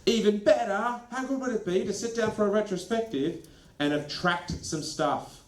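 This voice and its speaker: A man presenting a lively workshop to school leaders, animated and acting out quick snippets of dialogue. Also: high voice. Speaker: education consultant presenting a workshop. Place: training venue. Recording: echoey room.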